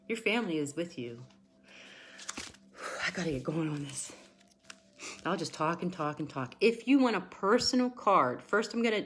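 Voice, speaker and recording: A woman giving a livestream tarot reading with a pep talk. She is emphatic and encouraging, chatty, and often close to tears. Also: low voice. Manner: emotional and emphatic, sometimes near tears; chatty and encouraging, rambling asides. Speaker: tarot card reader.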